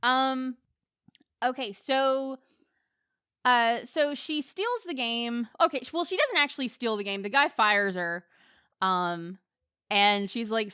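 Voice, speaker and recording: A woman's voice: on the high side, measured pace, sharp tone, clean tone, no echo, clean studio sound. A young woman co-hosting a podcast, chatting casually about a movie, with lots of fillers and restarts. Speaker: podcast co-host. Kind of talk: casual movie review chat.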